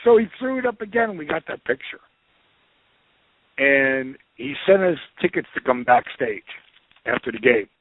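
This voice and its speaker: A man telling a lively, profane anecdote as a podcast guest, acting out the voices of the people he quotes. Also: mid-range voice, normal speed, long pauses, dry recording. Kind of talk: casual anecdote storytelling. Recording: tinny phone-like line, dry.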